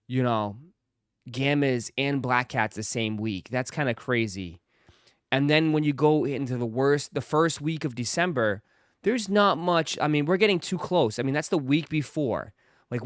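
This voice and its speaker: A man's voice: medium pitch, fairly bright tone, no echo, studio quality. A man hosting a casual livestream, talking straight to his chat viewers and repeating phrases for emphasis. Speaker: livestream host.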